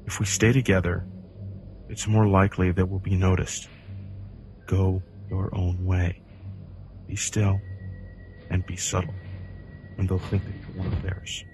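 Brief: a man reading as a low, quiet, weary stranger in a spoken horror story, terse and flat. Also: a little slow, pauses often, faint music behind.

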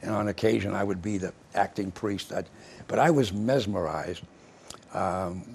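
Older male host, low and gravelly, chatty, meandering storyteller. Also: moderate pace, a little mellow, slight background noise. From Massachusetts, US. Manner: rambling storyteller, many restarts. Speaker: TV show host. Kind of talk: casual interview chat. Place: local cable TV studio.

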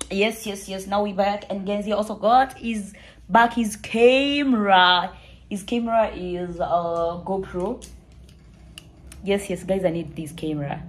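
A woman's voice: medium pitch, steady tone, measured pace. A young woman from Kenya with a Kenyan accent, telling a travel story to camera in a playful, joking, dramatic way. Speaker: travel vlogger.

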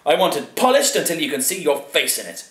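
Man voicing a pompous hearty lord, plummy, booming, echoey room. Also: very animated, a little fast, a bit bright. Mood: imperious. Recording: roomy echo.

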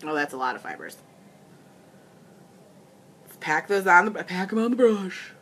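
A woman's voice: fairly low pitch, expressive, moderate pace, long pauses, fairly bright tone. A woman hosting a live makeup tutorial, chatting casually with viewers and laughing often. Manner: giggly, talks straight to viewers, easily amused. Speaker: makeup demonstrator and livestream host.

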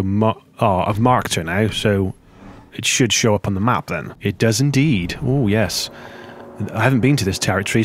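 Chatty man with a low voice. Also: a little hiss or hum. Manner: chatty, muttering to himself, sudden high-pitched exclamations. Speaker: gameplay commentator. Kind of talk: let's play commentary.

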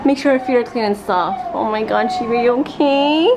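A woman vlogging her family day, talking in an expressive, excitable way and dropping in Spanish phrases. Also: on the high side, normal speed, background noise. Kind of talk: casual daily vlog. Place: home, then outside in a parking lot.

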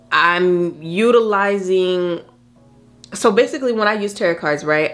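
In this casual get-ready-with-me chat, a woman with a low-leaning voice does her makeup at home and talks straight to her viewers. Her manner is chatty and wandering. Faint, soft music plays in the background.

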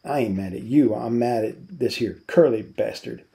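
An anxious, protective ranch hand who presses his warnings fast and urgently, voiced by a man reading a novel aloud. The voice is gravelly and dark. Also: mid-range voice, close to an everyday voice.

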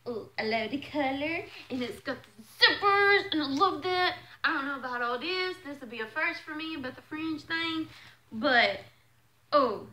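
A woman vlogging as she unboxes a clothing subscription box, chatting casually and gushing with excitement. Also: sits high, rough recording.

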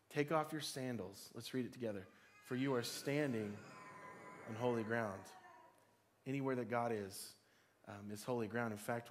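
A man preaching a sermon, retelling a scripture story with animated delivery and calling on the congregation to repeat phrases after him. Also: mid-range voice. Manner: animated storytelling with audience call-and-response.

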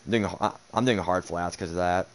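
A young man talks over his own football video game as he plays it, with a low voice. He mutters sarcastic remarks and curses in frustration at his opponent. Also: fast. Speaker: gaming streamer. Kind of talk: live game commentary.

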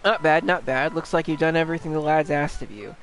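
Rowdy skeleton pirate, gruff sailor slang, pitched up, put-on British pirate accent, done by a man reading game lines. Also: steady tone, fast talker, a bit bright, soft background music, close to an everyday voice, poor audio. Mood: teasing. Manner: gruff, rough sailor slang, teasing threats. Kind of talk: reading game dialogue aloud in voices.

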